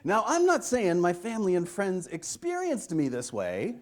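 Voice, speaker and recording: A man's voice: high-pitched, huge pitch swings, moderate pace, darkish tone. A man giving a comedic keynote speech on stage to a live audience, telling a story and acting out dialogue with his doctor. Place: large hall with a live audience.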